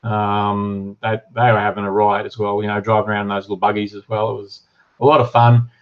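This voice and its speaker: A man's voice: fairly low pitch, level tone, fairly quick, highs cut off. A middle-aged Australian man hosting a casual live stream, reading viewer comments aloud and chatting with lots of ums and uhs. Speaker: livestream host and shop owner.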